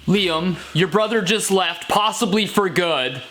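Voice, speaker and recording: A man's voice: sits high, a little slow, sharp tone, slight background noise. A man voicing an exasperated male band manager who coaxes and pleads. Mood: pleading.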